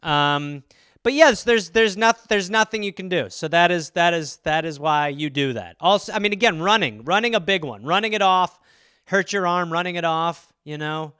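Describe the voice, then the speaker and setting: A man's voice: sits high, lively intonation, bright, forceful tone, clear, resonant tone, no echo, clean studio sound. A man hosting a comedy podcast, rambling through listener topics in a profane, jokey riff. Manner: rambling, profane, jokey, slips into quick silly voices.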